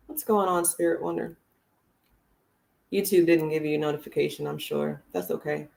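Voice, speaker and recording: Blunt, gravelly woman streamer. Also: low voice, fairly even intonation, moderate pace, pauses often, a little mellow. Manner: blunt, sarcastic and profane. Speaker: livestream political commentator. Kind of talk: casual livestream commentary.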